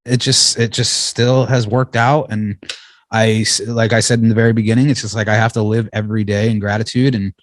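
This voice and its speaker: A man's voice: lowish voice, flat delivery, brisk, no room sound. A man talking as a podcast guest, rambling and swearing freely, laughing often. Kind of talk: casual podcast conversation.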